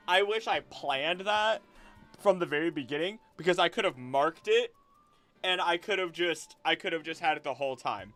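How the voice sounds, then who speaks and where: A man's voice: on the high side, moderate pace, fairly bright tone, soft background music. A young man hosting a casual live stream from home, rambling and chatting and laughing often. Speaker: livestream host. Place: home room.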